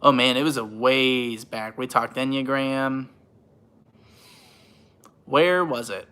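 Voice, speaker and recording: Young guy rambling on a phone livestream, bright voice, laughs a lot, says thank you to everyone. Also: medium pitch, slow pace, smooth. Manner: warm, rambling, self-deprecating, laughs often; reads comments aloud and thanks viewers. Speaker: YouTuber and actor. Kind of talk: casual livestream chat.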